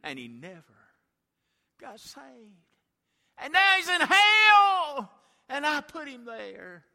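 A woman's voice: a little high, lively intonation, normal speed, sharp tone, pitched above the performer's own voice. A man, a preacher, voicing a grieving middle-aged mother who pleads and wails, heard with long church reverb. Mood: anguished. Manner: pleading, wailing.

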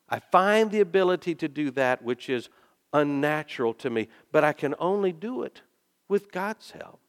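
A male pastor preaching a sermon and telling stories, dropping soft and then rising into loud, emphatic bursts. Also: fairly high pitch, lively intonation, measured pace. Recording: long reverb of a large hall.

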